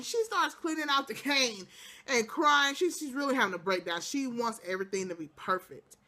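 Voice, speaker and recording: A woman with a bright, higher voice talks through a TV episode, her pitch swinging widely as she retells it. She acts out the characters' lines and laughs along as she goes. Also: normal speed. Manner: lively storytelling, acting out characters' quotes; breaks into laughter and exclamations. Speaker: TV show recap vlogger. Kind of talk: casual episode recap.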